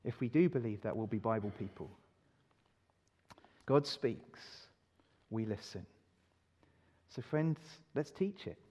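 A man's voice: mid-range voice, expressive, takes it slowly, pauses often, warm tone. Man preaching in an echoing hall. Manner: emphatic, asks the listeners rhetorical questions. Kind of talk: sermon. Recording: dull recording in a reverberant hall.

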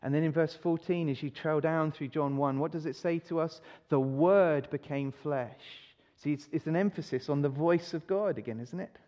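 A man's voice: on the high side, a little fast, few pauses, dark tone. Man preaching in an echoing hall. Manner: emphatic, asks the listeners rhetorical questions. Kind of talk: sermon. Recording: dull recording in a reverberant hall.

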